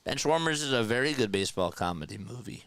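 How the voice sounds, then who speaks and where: Smooth-voiced young man calling baseball. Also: fast talker, no echo. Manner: chatty, answers live chat between pitch calls; gets loud and high when excited. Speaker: fan play-by-play streamer. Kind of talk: casual live play-by-play and chat with viewers.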